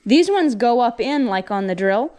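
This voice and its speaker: A woman chatting casually as a farm vlogger, talkative and bubbly, sometimes excitable. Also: fairly high pitch, normal speed. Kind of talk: casual chat. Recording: loud road and engine noise.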